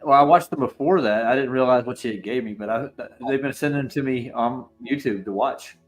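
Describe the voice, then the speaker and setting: A man's voice: mid-range voice, brisk, soft background music. A man in casual chat, asking curious questions of his co-hosts.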